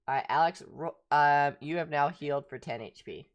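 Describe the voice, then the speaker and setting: A woman narrating as game master of a tabletop game, animated and prone to restarting sentences. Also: sits low, moderate pace, highs cut off.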